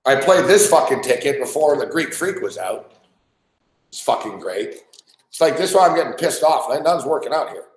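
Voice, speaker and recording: A man's voice: fairly high pitch, expressive, brisk, roomy sound. A man hosting a sports betting show, complaining with heavy swearing about his bets. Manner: profane, frustrated rant. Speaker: sports betting podcast host. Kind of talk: casual betting talk.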